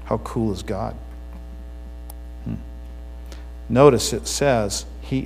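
A male pastor giving a sermon, emphatic and swinging between loud declarations and quiet asides. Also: mid-range voice, animated, measured pace, creaky, pauses often. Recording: long hall reverb with mains hum.

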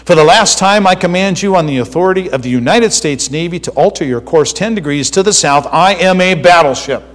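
A preacher putting on an angry shouting navy captain. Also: male voice, a little high, lively intonation, moderate pace, slightly rough, in a large hall. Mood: commanding. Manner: shouting commands. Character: angry male navy captain ordering by radio.

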